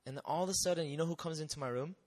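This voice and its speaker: A young man telling a personal testimony to an audience in a conversational, animated way, often checking in with rhetorical questions. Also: fairly high pitch, rapid-fire. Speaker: missionary speaker.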